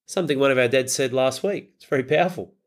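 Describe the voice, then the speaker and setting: Middle-aged man, medium pitch, hard-hitting fathers' coach who swears freely. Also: fast. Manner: blunt, emphatic, heavy swearing. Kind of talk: motivational talk.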